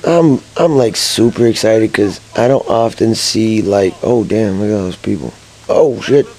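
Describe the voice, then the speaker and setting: Young American guy, mellow gravelly voice, loose and rambling, chuckles through his anecdote. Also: on the low side, measured pace, rough recording. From Massachusetts, USA. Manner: rambling, lots of fillers and chuckles, excitable. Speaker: gaming channel storyteller. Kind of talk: casual rambling storytelling.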